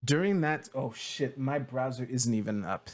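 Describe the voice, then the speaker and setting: Young man riffing on a TV show, rambling commentary, average pitch, loose delivery with fillers and casual swearing. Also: moderate pace. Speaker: video creator.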